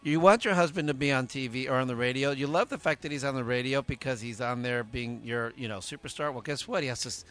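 A man's voice: medium pitch, quick pace, hardly any pauses, a bit bright. A middle-aged man hosting a radio show, telling rambling stories full of "uh" fillers. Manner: chatty, rambling anecdotes with many "uh" fillers. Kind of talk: casual radio talk.

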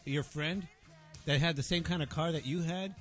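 A man co-hosting a radio show, telling stories in an animated, chatty way. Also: fairly high pitch, normal speed, faint music behind. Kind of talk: storytelling banter on air.

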